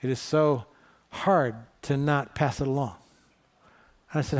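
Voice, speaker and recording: A man's voice: mid-range voice, steady tone, normal speed, pauses often. A middle-aged man from northeast Ohio preaching a sermon in a conversational, storytelling way, asking the congregation questions. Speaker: pastor.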